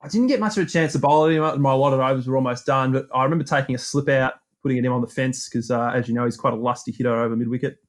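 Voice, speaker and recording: An Australian man co-hosting a podcast, telling long anecdotes in a lively, self-mocking way. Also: mid-range voice, very fast, few pauses. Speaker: podcast co-host. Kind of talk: casual storytelling chat.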